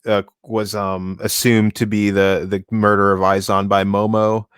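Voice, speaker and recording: A man co-hosting a relaxed discussion stream, pausing often to find his words. His low voice stays level and even. It sounds smooth and close, with no room sound. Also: dry recording. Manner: halting, searching for words mid-sentence. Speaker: co-host reading the series.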